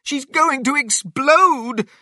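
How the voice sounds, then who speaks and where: Brief: man playing an anxious mother, high and shrill, storybook reading, close dry sound. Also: very animated, takes it slowly, fairly bright tone, breathy edge, dry recording, full character voice. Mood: fretful. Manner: cries and calls out in alarm. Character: anxious mother, a grown woman.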